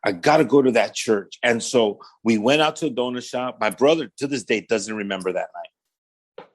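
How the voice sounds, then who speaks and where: His testimony comes out as a casual story, told at normal speed in a medium-pitched voice with a Southern California accent. He acts out quoted voices and peppers his talk with "man" and "right?".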